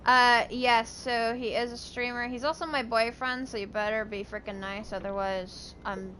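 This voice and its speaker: Bright-voiced chatty female streamer. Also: on the high side, steady tone, moderate pace, slight background noise. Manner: chatty, playful, talks to chat. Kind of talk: casual live game stream chat.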